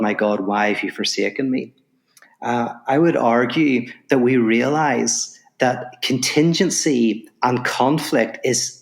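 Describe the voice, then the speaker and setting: A man telling a parable and then explaining abstract ideas as a podcast guest, acting out the voices in his story and restarting phrases as he builds each point. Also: mid-range voice. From Northern Ireland. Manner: lively storyteller, acts out voices in anecdotes.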